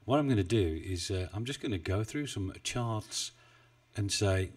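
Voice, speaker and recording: A low-voiced man talks casually through a live stream, rambling and self-deprecating as he goes. His desk mic sits a bit too far away, so he sounds distant. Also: lively intonation, moderate pace. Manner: chatty, rambling, self-deprecating, chuckles often. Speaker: forex trading live streamer. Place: home desk in the UK. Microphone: desk mic, not well placed.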